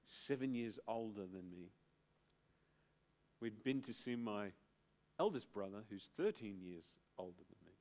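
A middle-aged man preaching a sermon as pastor, emphatic, with dramatic pauses and build-ups. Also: fairly low pitch, darkish tone.

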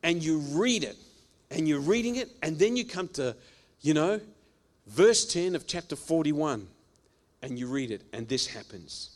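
A male pastor preaching a sermon, emphatic and repetitive, swinging from loud exclamations down to quiet, low phrases. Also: animated, a little slow.

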